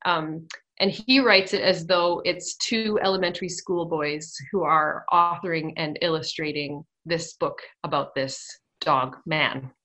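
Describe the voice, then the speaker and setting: A woman's voice: low voice, steady tone, measured pace, bright, forceful tone, rough recording. A woman in her thirties on a radio program, telling a family story casually, laughing often and turning emotional.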